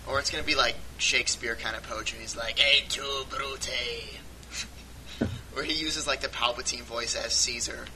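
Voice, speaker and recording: A man's voice: mid-range voice, fairly even intonation, fairly quick, few pauses. A man co-hosting a casual fan podcast who talks in a loose, chatty way and laughs often. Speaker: podcast co-host. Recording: noisy podcast audio.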